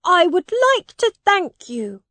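Woman reader voicing a regal young boy prince: high, loud, haughty, slow and deliberate, close dry read. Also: very animated, no echo, heavily acted. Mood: imperious. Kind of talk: storybook reading.

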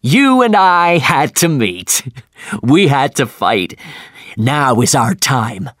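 A man voicing an obsessed, fierce older male whaling captain who shouts his commands. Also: on the high side, very animated, slow pace, dry recording, studio quality, pitched above the performer's own voice, full character voice. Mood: exultant.

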